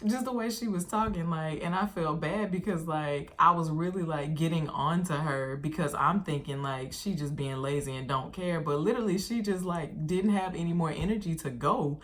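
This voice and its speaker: A woman's voice: sits low, moderate pace, few pauses. A woman vlogger telling a casual storytime, chatty and slangy, talking straight to her viewers.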